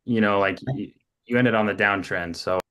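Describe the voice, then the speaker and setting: A man practicing a sales call opener on a video call, relaxed and conversational. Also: lowish voice, normal speed. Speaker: sales trainee.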